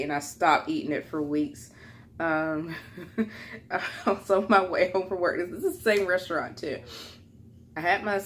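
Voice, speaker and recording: Chatty young woman, lowish voice. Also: a little hiss or hum. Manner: chatty, many fillers, acts out quotes in a higher voice. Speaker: vlogger. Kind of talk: casual mukbang storytime.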